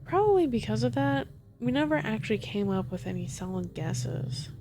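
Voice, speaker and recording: A woman narrating a first-person horror story in a soft, steady ASMR reading. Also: on the high side, moderate pace, music in the background.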